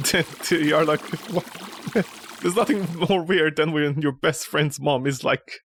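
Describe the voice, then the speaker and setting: A man's voice: on the high side, a little slow, a bit bright, slight background noise. A man doing joking let's play commentary on a horror game, rambling and breaking into mock outrage and yelps. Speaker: gaming streamer.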